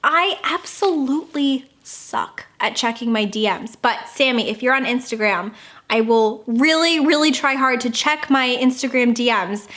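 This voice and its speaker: A young woman hosting a casual unboxing vlog, gushing and excitable, with squeals and gasps. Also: on the high side, unhurried. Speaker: book vlogger.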